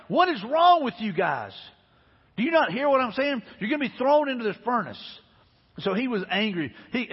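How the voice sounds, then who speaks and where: A man's voice: sits high, breathy edge. A man from Alabama preaching a sermon as pastor, earnest and conversational, repeating his points, recorded dull in a church sanctuary with a long hall echo.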